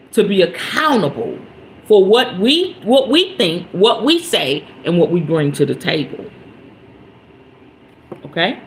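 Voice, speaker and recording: An animated woman hosts a casual talk show and tells a story with plenty of emphasis, slang and the odd curse word. She keeps asking her listeners whether they follow her. Her voice sits at an ordinary middle pitch, with a faint hiss in the background. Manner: checks in with listeners often. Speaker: podcast host.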